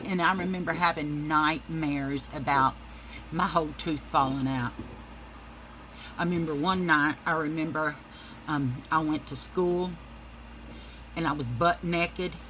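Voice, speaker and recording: A woman's voice: deep voice, slow, long pauses, a bit bright, slight background noise, low-quality recording. A middle-aged woman, telling rambling, profane stories in a casual monologue and calling her listeners y'all.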